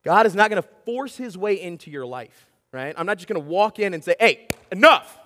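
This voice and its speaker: A man's voice: sits high, a little fast. A man in his thirties preaching a sermon, telling stories with lots of energy and often asking "right?" to the congregation. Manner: animated storytelling, acts out shouting and whispering, keeps asking "right?". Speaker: pastor. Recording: long hall reverb.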